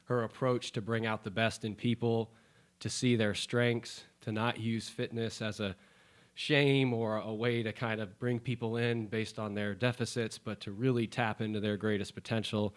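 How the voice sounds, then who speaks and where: A man co-hosting a podcast in a studio, talking casually and enthusiastically in quick bursts. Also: fairly low pitch, flat delivery. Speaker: podcast co-host. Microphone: studio microphone.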